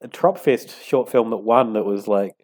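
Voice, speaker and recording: A man's voice: on the low side, moderate pace, darkish tone. A man, co-hosting a casual podcast, easygoing and hesitant, with lots of "like" and "um". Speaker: podcast co-host. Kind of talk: casual chat.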